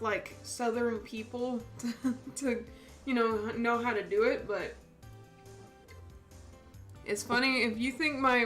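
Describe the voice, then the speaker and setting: A woman's voice: fairly high pitch, fairly bright tone. A young woman streamer casually commenting while playing a game, chatty and giggly, with lots of fillers and restarts. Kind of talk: casual let's-play commentary.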